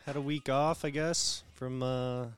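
A man's voice: mid-range voice, fairly even intonation, clean tone. A man co-hosting a podcast in casual chat, speaking hesitantly with many fillers. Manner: hesitant, halting, full of fillers. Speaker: podcast co-host.

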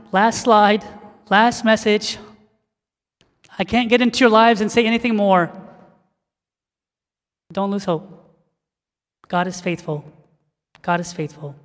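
A man preaching a sermon in a church, emphatic when exhorting and quieter when leading prayer. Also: high-pitched, in a large hall. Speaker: pastor.

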